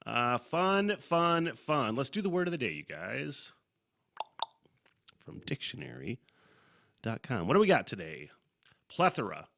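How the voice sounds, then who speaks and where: A man hosts his own podcast solo, chatting casually and loosely, swearing freely and laughing at his own asides. His lowish voice is creaky with a fairly bright tone, and his loose, profane talk rambles with fillers and chuckles.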